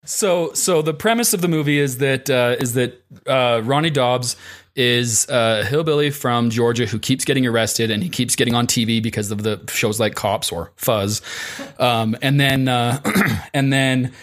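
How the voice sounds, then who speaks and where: A man's voice: medium pitch, normal speed. A man hosting a casual podcast chat, often laughing and restarting his sentences. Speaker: podcast host.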